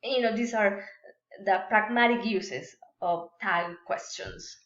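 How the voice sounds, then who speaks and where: A woman's voice: medium pitch, unhurried, fairly bright tone, reverberant, highs cut off. A woman teaching a grammar lesson in a recorded remote class, speaking with many fillers and restarts and modeling example sentences aloud. Her first language is Spanish.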